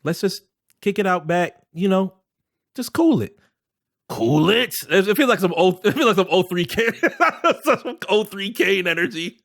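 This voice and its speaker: A man's voice: high-pitched, normal speed, no echo, clean studio sound. A man co-hosting a casual podcast chat, joking around and slipping into impressions. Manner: animated, jokey, slips into impressions. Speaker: podcast co-host.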